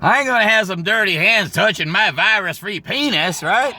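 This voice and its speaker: A man voicing a fussy, germ-wary young man who talks in a crude, slow, insistent way. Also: high-pitched, animated, noisy background, pitched above the performer's own voice.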